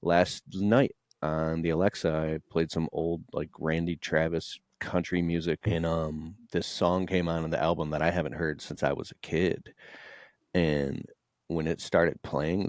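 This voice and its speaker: Casting: low-voiced man, late 30s, open and emotional, salty language, dry close sound. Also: steady tone, moderate pace, no echo. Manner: raw, emotional, swears freely, mimics voices. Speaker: guest entrepreneur. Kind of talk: candid conversational storytelling.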